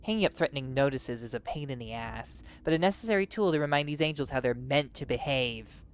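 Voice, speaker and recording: Player doing a stern angel enforcer, low-key and scornful, pretty quiet and dry. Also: expressive, quick pace, a little hiss or hum, lightly acted. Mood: disdainful.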